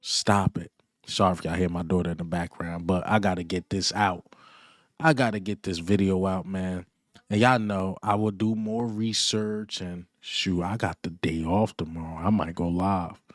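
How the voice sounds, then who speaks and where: A man giving a casual, excited fan reaction rant, boastful and full of repeated punchlines and trash talk. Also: deep voice, normal speed, no room sound, clean studio sound. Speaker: sports fan vlogger.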